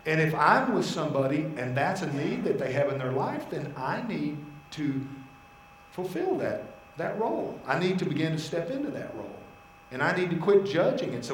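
Animated preacher man in an echoey church. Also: on the high side, moderate pace, slight background noise. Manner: animated storytelling, voicing God and his wife in asides. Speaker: pastor. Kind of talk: sermon.

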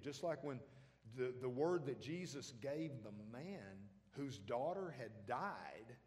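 A man's voice: mid-range voice, lively intonation, slow pace, darkish tone, big-room sound. A man preaching a sermon as pastor, talking conversationally and throwing questions out to the congregation.

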